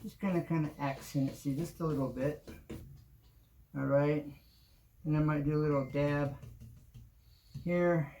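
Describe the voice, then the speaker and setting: Slow, gravelly man demonstrating a craft. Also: on the high side, slight background noise. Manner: relaxed, talks while working, repeats "kinda" often. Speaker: home improvement show host. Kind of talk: casual how-to demonstration.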